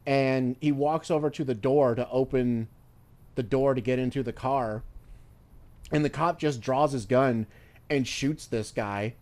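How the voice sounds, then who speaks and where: A man's voice: mid-range voice, a little slow, darkish tone. A male streamer chatting casually while gaming, rambling through stories with free swearing. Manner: rambling, swears freely, loose storytelling.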